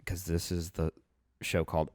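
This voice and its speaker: A man co-hosting a podcast in casual banter, goofy and self-deprecating, telling animated stories. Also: sits low, normal speed. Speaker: podcast co-host.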